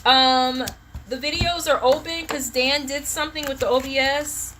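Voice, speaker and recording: A woman's voice: high voice, fairly even intonation, moderate pace, a bit bright, slight background noise. A woman giving a live-streamed tarot reading, passionate, blunt and full of profanity. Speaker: tarot reader.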